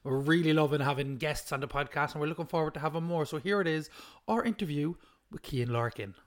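A man's voice: a little high, fairly even intonation, fast, soft background music. A man co-hosting a podcast, chatting playfully and laughing often. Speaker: podcast co-host. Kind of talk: casual chat.

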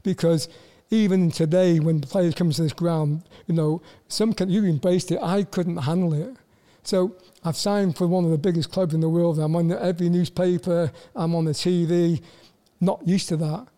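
Older Welsh man, high soft halting voice. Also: steady tone. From Wales. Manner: halting, repeats words and fills with "you know". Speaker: guest, former footballer. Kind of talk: casual interview storytelling.

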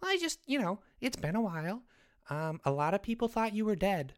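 A woman voicing Jeffrey, a scatterbrained, excitable young boy who rambles as a comedy podcast co-host. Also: mid-range voice, brisk, natural voice. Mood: curious. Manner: scatterbrained, rambling, easily sidetracked.

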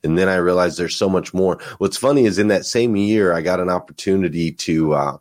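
A man's voice: low voice, fairly quick, a little mellow, no room sound, clean studio sound. A man from the United States, a guest on a podcast, talking in an earnest, reflective way and often repeating words as he thinks. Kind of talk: casual conversation.

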